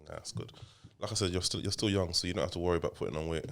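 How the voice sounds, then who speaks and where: Very deep-voiced man hosting a casual podcast. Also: steady tone, rapid-fire. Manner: teasing, rambling, repeats his questions. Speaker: podcast host and father.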